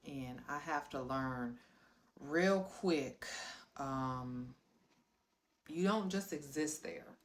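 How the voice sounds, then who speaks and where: Woman, from South Florida, low voice, animated personal storytelling, sound effects, talks to viewers. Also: takes it slowly, slight background noise. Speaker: storyteller telling her life story.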